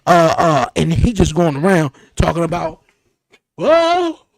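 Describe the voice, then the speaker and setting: A man hosting a podcast, telling a story in a lively, animated way. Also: fairly high pitch, normal speed, gravelly, no echo. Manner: animated storyteller, acts out his son's lines. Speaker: podcast host. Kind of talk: casual podcast chat. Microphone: podcast studio mic.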